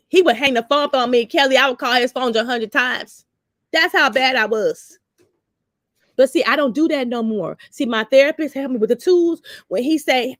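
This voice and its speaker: A woman whose voice is on the high side speaks at a moderate pace in clean studio sound without echo. She's a talk show host telling personal stories bluntly and saltily, animatedly doing the voices of people she quotes.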